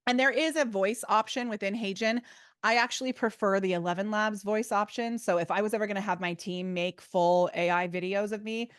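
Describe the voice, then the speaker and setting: Bubbly, animated woman guest. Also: mid-range voice, a little fast, clean tone, dry recording, studio quality. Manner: bubbly, animated storytelling with many fillers. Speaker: guest, business coach. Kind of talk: casual podcast interview.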